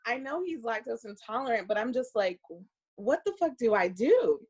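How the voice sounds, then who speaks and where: A young woman casually telling a dating story, animated and profane, laughing often. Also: a little high, normal speed, husky, lo-fi sound.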